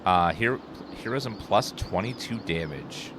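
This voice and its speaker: A man casually commenting on gameplay, reading game text aloud and swearing when excited. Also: sits low, unhurried, very noisy. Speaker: gaming streamer. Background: game music and sounds.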